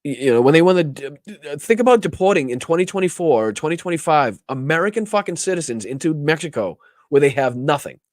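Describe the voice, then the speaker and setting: A man's voice: on the high side, lively intonation, fast talker, no room sound, studio quality. Fiery, profane male political host. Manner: heated, profane, repeats words when worked up. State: emotional, near tears. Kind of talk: impassioned political commentary.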